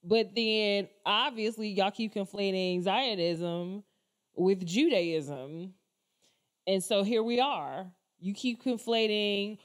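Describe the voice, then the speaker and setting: A woman's voice: medium pitch, slow. Exasperated woman ranting to her viewers. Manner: exasperated, profane, rambling, addresses viewers as y'all. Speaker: commentator. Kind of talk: casual opinion vlog rant.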